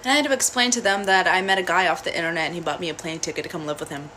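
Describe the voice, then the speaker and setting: A young woman telling a personal story in a casual, blunt and profane way, animated throughout. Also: lowish voice, rapid-fire, a little hiss or hum.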